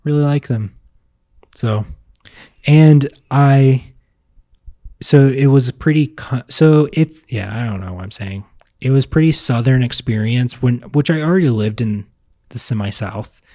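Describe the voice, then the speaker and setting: A man's voice: mid-range voice, unhurried, mellow, no echo, studio quality. Rambling young man chatting at home. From Virginia, US South. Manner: rambling, self-correcting storyteller. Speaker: vlogger. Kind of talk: casual chat. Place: home, indoors.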